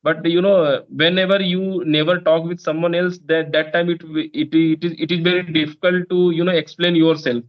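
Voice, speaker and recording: A man practices in a casual chat. He hesitates often and pads his speech with "uh, you know". His voice is a little high, and the audio is dull and lo-fi. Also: little pitch movement, moderate pace, hardly any pauses. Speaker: English learner guest. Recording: dull lo-fi sound.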